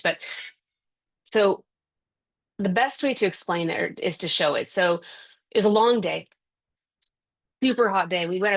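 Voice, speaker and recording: A woman parenting coach talking from home on a video call, chatty and quick to act out everyday scenes. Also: fairly low pitch, gravelly, fairly bright tone. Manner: chatty, acts out scenes with voices. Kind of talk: casual interview answer. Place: home with kids and a dog nearby.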